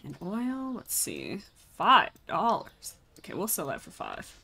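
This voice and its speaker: A woman's voice: medium pitch, huge pitch swings, normal speed, vocal fry. A young adult woman chatting casually through a live game stream, exclaiming often and talking straight to her viewers.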